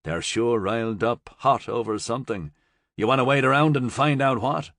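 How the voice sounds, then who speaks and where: A man doing a gruff, blunt smuggler. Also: mid-range voice, normal speed, a bit bright, no echo, studio quality, natural voice. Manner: blunt, curt, drawling.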